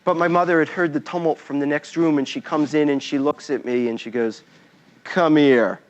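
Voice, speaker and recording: A man's voice: fairly high pitch, steady tone, brisk, highs cut off. A man giving a talk as a storyteller, acting out scenes and sounds as he goes. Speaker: invited speaker.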